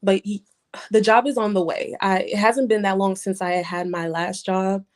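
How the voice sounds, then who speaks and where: A woman in her twenties calling in for advice, speaking hesitantly with many pauses and fillers, close to tears. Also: medium pitch, steady tone, darkish tone. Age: 20s. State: holding back tears. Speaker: caller seeking advice. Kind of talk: emotional personal call-in.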